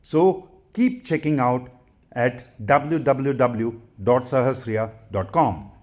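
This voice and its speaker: Guy teaching english sounds, super slow and careful, says every word twice, middle pitch. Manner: deliberate, repeats each word twice for practice. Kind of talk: slow instructional drilling.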